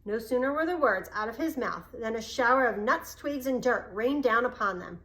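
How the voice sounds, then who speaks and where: A woman reads a storybook aloud, steady and expressive, her voice sitting somewhat high for a woman. She narrates at an even pace. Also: moderate pace, poor audio.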